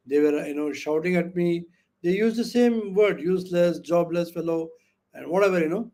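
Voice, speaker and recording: High-voiced man teaching a webinar. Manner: keeps asking the audience questions, leans on "okay" and "you know"; acts out quoted speech with lively voices. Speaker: webinar trainer. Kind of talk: interactive online lecture.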